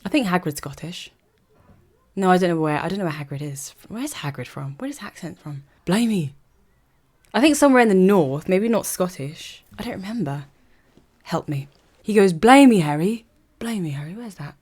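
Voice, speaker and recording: A young woman with a slightly low voice talks straight to camera in a personal commentary video. Her delivery is earnest and conversational. She often throws rhetorical questions at her viewers. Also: animated, brisk, darkish tone. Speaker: vlogger. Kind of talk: opinion commentary monologue.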